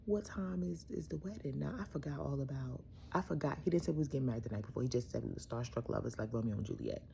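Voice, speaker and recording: Low, gravelly woman telling a family story. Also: very fast, slight background noise. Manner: chatty, animated retelling with soft asides. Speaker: family caregiver. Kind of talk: storytelling vlog to camera. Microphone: phone camera.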